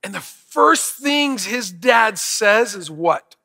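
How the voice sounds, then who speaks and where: Male pastor, earnest conversational sermon, high bright voice. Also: expressive, slow pace.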